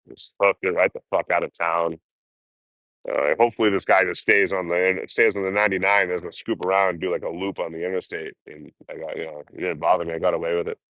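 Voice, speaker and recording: A man casually telling hitchhiking stories on a livestream, full of swearing and lively asides. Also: low voice, no room sound. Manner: profane, animated storytelling.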